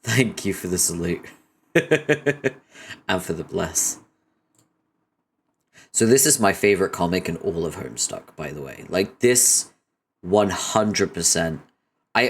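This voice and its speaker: A man's voice: low-pitched, animated, unhurried, pauses often, a bit bright. A man reading a webcomic aloud on a casual livestream, playful and laughing often.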